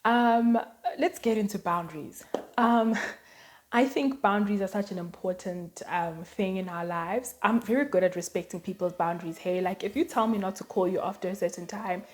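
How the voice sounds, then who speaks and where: This vlogger is a woman with a medium-pitched, slightly mellow voice who speaks at a normal speed. She tells personal anecdotes to camera in a relaxed, chatty manner, full of "um" and "like."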